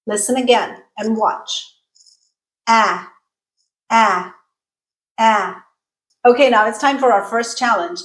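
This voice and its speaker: A woman teaching an online pronunciation lesson with a slightly high voice. She speaks clearly, coaches the listener and draws out each vowel sound in slow repeated drills. The room gives her voice a noticeable echo. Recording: roomy echo.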